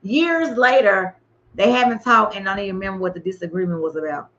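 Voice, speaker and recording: A woman's voice: medium pitch, brisk, fairly bright tone, highs cut off. A woman hosting a podcast in casual chat. She reads the questions aloud and laughs often. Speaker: podcast host asking the questions.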